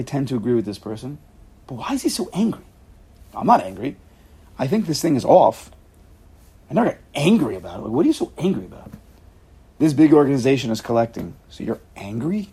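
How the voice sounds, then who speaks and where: A man leading an informal Torah class, animated and acting out quotes with sudden loud jumps in his voice. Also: mid-range voice, gravelly, breathy edge.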